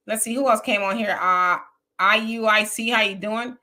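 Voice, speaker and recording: A woman hosting a live political talk stream, reading chat comments aloud and answering them bluntly in a casual, animated way. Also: medium pitch, brisk.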